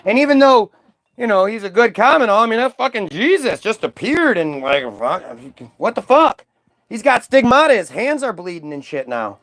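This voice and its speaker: A man's voice: high voice, a bit bright, dry recording. A man delivering a profane, sarcastic ranting monologue, mocking as he goes. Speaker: vlogger.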